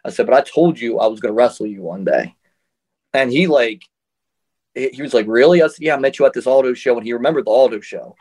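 Casting: relaxed male wrestler, chatty storyteller, easygoing, laughs between stories. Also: mid-range voice, quick pace, slightly rough. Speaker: interview guest, professional wrestler. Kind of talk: casual storytelling.

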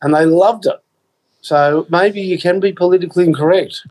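A man co-hosting a radio chat, telling animated stories and mimicking the people in them. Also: high-pitched, moderate pace, poor audio. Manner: animated anecdotes, mimics others. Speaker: radio co-host. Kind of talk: casual radio chat and storytelling.

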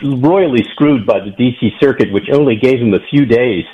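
A man's voice: mid-range voice, normal speed, muffled recording, a crowd in the background. An older man, a former prosecutor, giving blunt, emphatic legal commentary as a guest on a radio interview.

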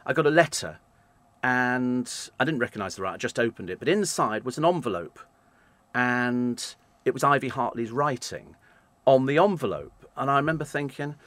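Lively radio presenter telling stories. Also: male voice, mid-range voice, dry recording. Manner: animated anecdotes, acts out quoted voices. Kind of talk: storytelling in an interview.

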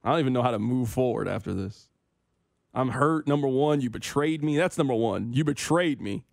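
A man's voice: mid-range voice, expressive, fairly quick, vocal fry, no room sound. A young man hosting a sports talk radio show, bantering and complaining in a playful, self-mocking way into a studio microphone.

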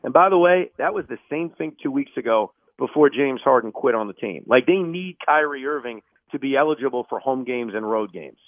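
A man's voice: medium pitch, a little fast, hardly any pauses, no room sound. A man who is a sports radio host, giving emphatic, opinionated takes as an interview guest. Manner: emphatic, opinionated, animated bursts. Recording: tinny phone line.

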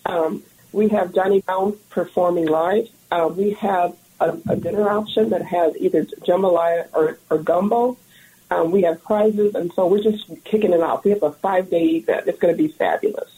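A woman lounge owner being interviewed on a radio show, upbeat and excited. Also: on the low side, normal speed, poor audio.

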